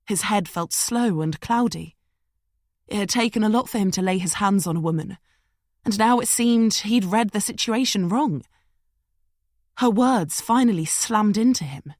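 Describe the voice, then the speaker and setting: A woman reading a suspense audiobook in steady, tense narration. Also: medium pitch, measured pace, no room sound, studio quality.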